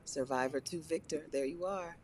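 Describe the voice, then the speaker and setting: A woman's voice: sits low, moderate pace. A woman hosting a casual live-stream interview over a video call, chatty and encouraging. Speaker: host.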